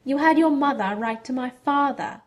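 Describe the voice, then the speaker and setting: A woman's voice: high-pitched, normal speed, voice pushed up, lightly acted. A woman voicing a scornful, bossy teenage witch. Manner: snappish, contemptuous. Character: fierce, blunt teenage witch girl.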